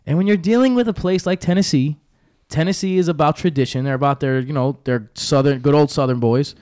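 A man's voice: on the high side, fairly quick, darkish tone. A man with a New York accent giving blunt, opinionated takes in a casual sports chat. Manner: blunt, opinionated, speaks his mind.

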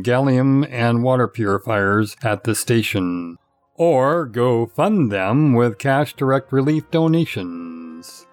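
A man voicing a calm newscaster who reads a scripted news sign-off. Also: medium pitch, lightly acted. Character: calm male space radio newscaster.

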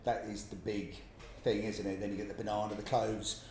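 A man co-hosting a casual podcast in a pub, relaxed and chatty. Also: lowish voice, a little fast. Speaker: podcast co-host. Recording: roomy pub with faint noise.

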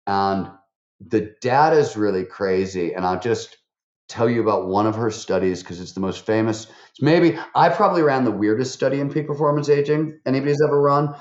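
A man, a podcast guest, tells stories in an animated way, with lots of fillers and restarts. His voice jumps up when he quotes people. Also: medium pitch, brisk. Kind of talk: animated interview storytelling. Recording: roomy, slightly dull recording.

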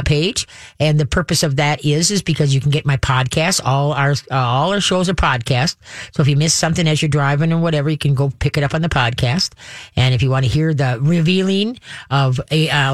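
A woman's voice: deep voice, no echo, studio quality. A middle-aged woman hosting a call-in radio show, talking in a folksy, chatty way with plenty of fillers. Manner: folksy and chatty, with lots of fillers and homey sound effects. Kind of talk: casual call-in radio talk.

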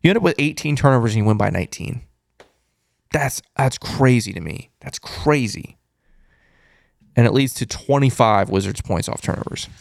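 A man's voice: medium pitch, lively intonation, normal speed, vocal fry, no room sound. A man hosting a casual live-stream postgame recap, chatty and thinking aloud as he reads through stats and repeats his reactions. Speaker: host of a fan postgame show.

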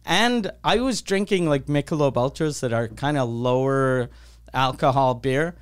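A man hosting a podcast, telling a story in a casual, animated and profane way, acting out the voices of the people he quotes. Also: medium pitch, a little slow, smooth. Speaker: podcast host.

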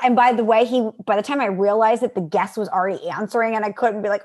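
A woman co-hosting a podcast, telling stories in a casual, animated way and laughing often. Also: medium pitch, fast talker, few pauses. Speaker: podcast co-host. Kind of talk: casual chat.

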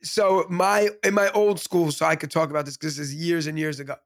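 A man with a high voice and a gravelly edge tells a story in casual podcast chat. He rambles excitedly and keeps restarting his sentences, with plenty of fry on his words. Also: a little fast. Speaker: podcast co-host, teacher.

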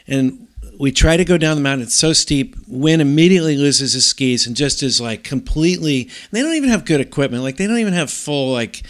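A middle-aged man telling a long story in casual talk, rambling and animated, with many restarts. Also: on the high side, a little fast.

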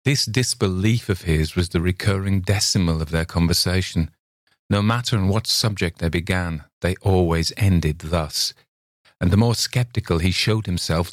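A man narrating a classic short story in a measured, steady reading voice. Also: sits low, no echo, clean studio sound. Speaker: reader. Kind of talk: audiobook narration.

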